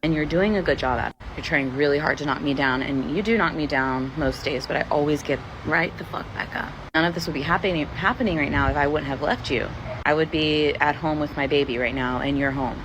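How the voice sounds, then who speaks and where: A woman with a notably low, deep voice pours out a bitter, profanity-laced monologue straight to the camera. Clear background noise and passing vehicles run under her words. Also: a little fast. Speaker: person venting in a video clip.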